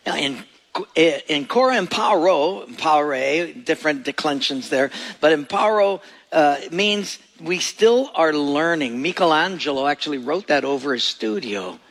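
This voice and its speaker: A man preaching a sermon as pastor, storytelling and acting out voices in his anecdotes, with a gravelly voice. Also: on the high side, lively intonation, measured pace, a bit bright. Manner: storytelling, acts out voices in quoted jokes. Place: church sanctuary. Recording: long reverb of a large hall.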